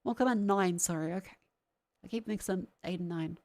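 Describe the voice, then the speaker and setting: A woman's voice: a little high, steady tone, a little fast. A young woman talks to her chat, her voice a little congested from a sinus infection. She rants in a heated, sarcastic tone and swears freely. The delivery is loose, like casual stream chat.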